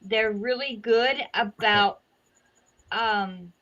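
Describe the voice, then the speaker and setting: A woman's voice: fairly high pitch, extremely slow, fairly bright tone. Rambling woman on a dull lo-fi line. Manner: rambling, talkative. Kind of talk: casual chat.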